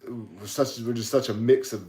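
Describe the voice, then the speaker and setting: A man's voice: medium pitch, normal speed. A man from South Carolina with a Southern accent, chatting casually as a podcast co-host. He laughs often and keeps things loose. His mid-range voice bounces around a roomy, echoey space. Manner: laughs often, relaxed joking. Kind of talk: casual chat.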